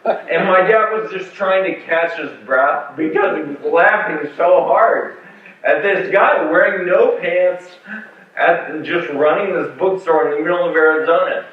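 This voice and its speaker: A man's voice: a little high, unhurried. A man telling a personal story in a talk with slides, with many fillers and restarts. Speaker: speaker sharing a patient story. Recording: far-off mic in echoey hall, phone-like sound.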